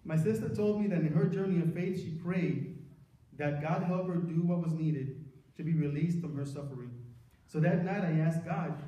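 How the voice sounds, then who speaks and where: A middle-aged man giving an earnest personal testimony to a church congregation, telling his story with dramatic pauses. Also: fairly high pitch, mellow. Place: large church sanctuary. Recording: very echoey church, mic far off.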